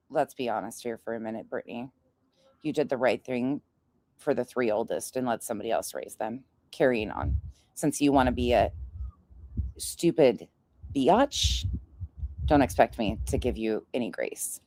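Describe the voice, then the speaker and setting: A woman's voice: on the low side, very animated, unhurried, darkish tone, no echo, rough recording. A woman ranting in a commentary vlog, sarcastic and mocking, swearing often. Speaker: online commentator.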